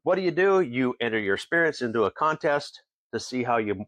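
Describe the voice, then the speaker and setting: A mid-range male voice, a little fast and recorded dry, belongs to a distillery owner hailing from Tenino in Washington State. Sitting in as a guest for a laid-back interview, he shares folksy yarns, chuckling in between and performing the words of others with lively flair.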